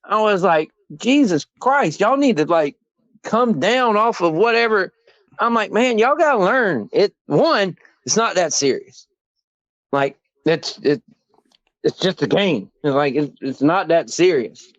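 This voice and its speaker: A man, co-hosting a casual sports podcast, telling animated, profane stories and quoting himself. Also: high voice, a little slow, no echo. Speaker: podcast co-host. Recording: dull, dry lo-fi sound.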